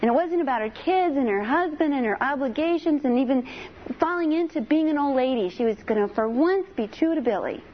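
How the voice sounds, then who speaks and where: High-voiced woman telling a story. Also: fairly quick, highs cut off, slight background noise. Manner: lively retelling, many "she said" tags. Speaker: intuitive reader telling a client story. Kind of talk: anecdotal storytelling.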